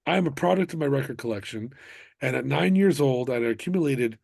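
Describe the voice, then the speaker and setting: A man with a gravelly, slightly husky voice chats about his music career, swinging into excited, animated storytelling. His voice sits close and dry on the mic, with no room sound around it. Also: mid-range voice, a little fast, no room sound. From United States (Miami). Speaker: musician guest. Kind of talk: casual interview chat.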